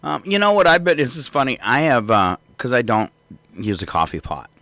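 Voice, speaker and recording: A man's voice: mid-range voice, lively intonation, fairly quick, fairly bright tone, no echo. An older man co-hosting a casual morning radio show, rambling through jokes and laughing often. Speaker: radio co-host.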